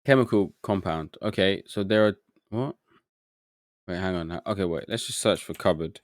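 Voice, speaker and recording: A man streams a game live, his low voice recorded dry and close. He mutters through his confusion, reads bits aloud and talks casually with his viewers. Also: normal speed, no echo. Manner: muttering to himself, easily confused, chatty with chat. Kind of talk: live gameplay commentary.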